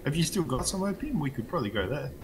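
A man's voice: a little high, sing-song, fast talker, crowd noise. A man playing a gang member in a roleplay, casual and laid-back. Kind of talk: in-character roleplay chat.

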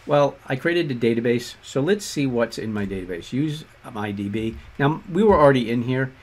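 Husky man with a Boston accent. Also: mid-range voice, normal speed. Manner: relaxed explanatory walkthrough with fillers and asides. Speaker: instructor. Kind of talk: screen-share coding tutorial.

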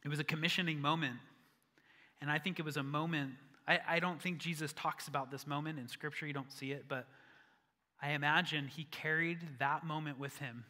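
Bright-voiced pastor preaching in a reverberant church. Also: male voice, on the high side, normal speed. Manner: earnest, rising to emphatic peaks. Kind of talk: sermon. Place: church sanctuary. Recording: long church-hall reverb.

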